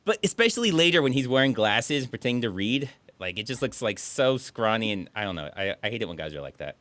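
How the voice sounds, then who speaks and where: A man streaming a movie riff, talking in casual commentary, laughing and putting on quick mock voices. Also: medium pitch, no echo. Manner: animated, laughing, mock quotes in put-on voices.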